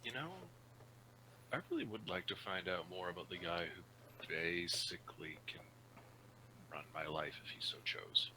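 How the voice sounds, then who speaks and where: A man with a very low voice and a strikingly bright, sharp tone talks through a tabletop game, stopping and restarting often. A faint hum sits under his voice on an online call. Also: poor audio. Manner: halting, many fillers and restarts. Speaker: player. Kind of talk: tabletop role-play chat.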